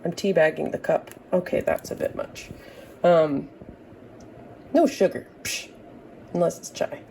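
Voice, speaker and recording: A woman's voice: low-pitched, measured pace, vocal fry, dark tone, a little hiss or hum, rough recording. A woman in her early thirties talking casually to camera, rambling from tangent to tangent with wry, profane humor. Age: early 30s. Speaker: vlogger.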